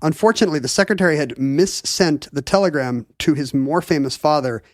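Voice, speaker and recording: Guy with a higher voice telling a story on a podcast, jokey, laughs a lot, very dry mic. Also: a little fast, dry recording. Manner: joking, playful, laughs often. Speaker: podcast co-host. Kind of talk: casual chat, storytelling.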